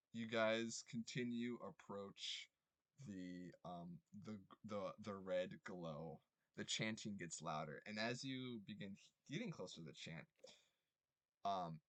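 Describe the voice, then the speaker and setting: A young man running a tabletop game as game master, rambling with many ums and quick apologies. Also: fairly low pitch, a bit bright, no room sound.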